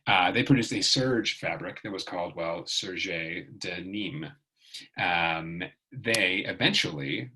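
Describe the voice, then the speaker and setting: A man gives a relaxed video lesson, rambling along with plenty of ums and restarts. His voice sits very low yet sounds bright and a little husky. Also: low-quality recording. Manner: rambling, chatty, many fillers and restarts. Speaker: tutor.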